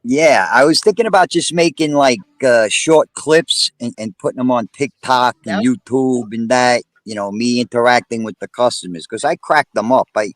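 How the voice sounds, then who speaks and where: A man's voice: mid-range voice, moderate pace, hardly any pauses, no echo. A man from Brooklyn with a New York accent, a panel guest chatting casually and joking about his street vending. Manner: jokey, streetwise, repeats words. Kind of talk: casual livestream chat.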